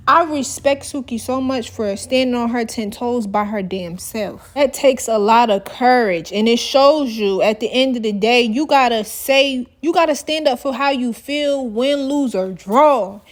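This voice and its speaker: A woman with a higher-than-average voice recaps a reality show in casual vlog commentary. She talks, candid and opinionated, addressing her viewers directly. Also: a little slow.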